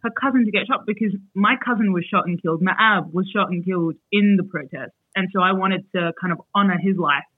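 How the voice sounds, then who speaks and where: A woman's voice: fairly low pitch, brisk, hardly any pauses, slightly rough, no echo. A woman, an author chatting in an interview over a video call, with many fillers. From Australia. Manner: chatty, many fillers, animated when retelling. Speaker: author guest. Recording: tinny lo-fi video call audio.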